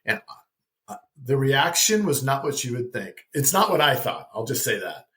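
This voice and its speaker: A man guest on a podcast, telling a personal story in an animated, casual way, often asking "right?" and repeating words as he starts a thought. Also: mid-range voice, normal speed.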